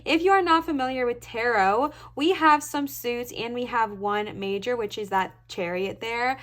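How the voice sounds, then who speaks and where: A woman's voice: fairly high pitch, measured pace, a bit bright. A young woman giving a casual pick-a-card tarot reading to camera, chatty and reassuring, often checking in with "okay, bestie?". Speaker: tarot reader.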